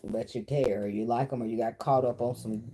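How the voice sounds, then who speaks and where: A woman's voice: very deep voice, steady tone, fairly quick, warm tone, slight background noise. A woman, giving a casual, blunt tarot reading full of swearing and chatter to the cards. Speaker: tarot reader.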